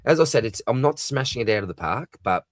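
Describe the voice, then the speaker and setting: A man's voice: mid-range voice, lively intonation, quick pace, no echo. An Australian man hosting a casual live talkback stream, reading viewer comments aloud and answering them in a chatty way, often calling people "mate". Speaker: livestream host.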